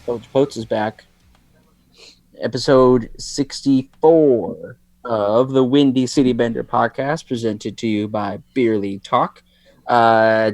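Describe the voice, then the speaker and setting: A man's voice: mid-range voice, a little mellow, no echo. A man hosting a casual sports podcast, upbeat and jokey as he steers the chat. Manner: upbeat, jokey, leads the conversation. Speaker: podcast host.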